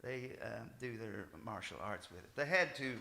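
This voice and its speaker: An older man, a folk musician, talking casually and haltingly at a music gathering, with many fillers and restarts. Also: fairly low pitch, expressive, vocal fry, bright, forceful tone. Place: music festival stage, roomy hall. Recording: roomy hall with instrument playing.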